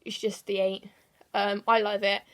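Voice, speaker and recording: A teenage girl with an English accent chats through a list of questions in her bedroom. She giggles, stumbles over words and lets her sentences fade out quietly. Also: mid-range voice, little pitch movement, normal speed. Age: teens. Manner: chatty, giggly, self-correcting, trailing off quietly. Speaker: vlogger. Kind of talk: casual chat answering tag questions.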